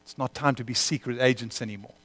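A man preaching a sermon, moving between impassioned prayer and a quiet, earnest appeal to the congregation. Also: mid-range voice, fairly even intonation, fast. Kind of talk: sermon with prayer and altar call.

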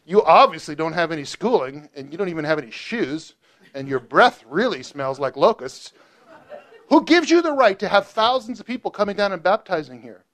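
A man's voice: high voice, very animated, brisk, fairly bright tone. A man mocking pompous indignant elders. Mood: scornful. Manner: haughty and scornful. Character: pompous, indignant religious leaders challenging a prophet.

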